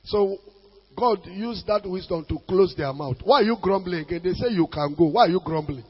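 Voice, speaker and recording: A Nigerian man preaching a sermon as a pastor, emphatic, with sudden loud bursts. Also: high voice, animated, moderate pace, slightly rough, big-room sound, dull audio.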